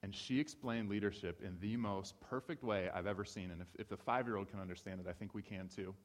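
A man's voice: lowish voice, brisk. A man from Ohio giving a sermon-style talk, telling stories with animation and repeating key phrases for emphasis. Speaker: speaker. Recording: reverberant hall.

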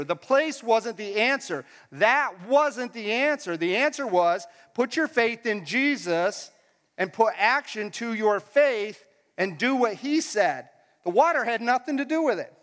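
High-voiced man preaching in a reverberant hall. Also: fairly bright tone. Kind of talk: casual sermon.

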